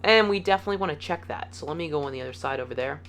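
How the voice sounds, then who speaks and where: Bright, chatty man counting blocks aloud. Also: a little high, expressive, very fast, a little hiss or hum. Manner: upbeat and chatty, playful words, easygoing. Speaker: video game tutorial host. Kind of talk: casual game tutorial commentary, counting blocks aloud.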